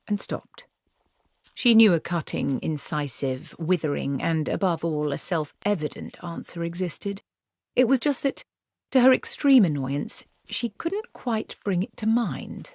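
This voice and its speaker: Low-voiced woman reading a novel aloud. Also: gravelly, darkish tone, no echo, studio quality. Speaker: audiobook narrator.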